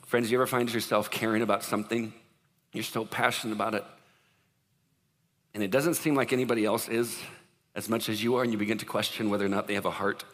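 A man's voice: lowish voice, steady tone, quick pace. A man preaching a sermon in a conversational, joking way. He often puts questions to the congregation. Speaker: pastor. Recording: long reverb of a large hall.

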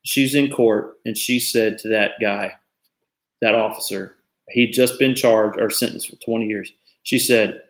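A man's voice: on the low side, fairly even intonation, unhurried, reverberant. A man in his forties hosting a talk show, speaking earnestly and reflectively in casual commentary. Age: 40s.

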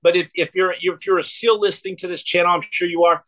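A man's voice: high voice, steady tone, quick pace, fairly bright tone, poor audio. A man in his forties telling a long personal story as a podcast guest, rambling and repeating words with many fillers.

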